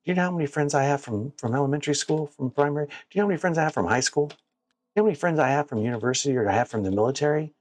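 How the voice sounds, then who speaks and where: A man giving casual gameplay commentary that turns into blunt, profane, animated stories, recorded on a clip-on mic at home. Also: fairly high pitch, very fast. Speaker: gaming streamer. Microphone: wireless clip-on mic.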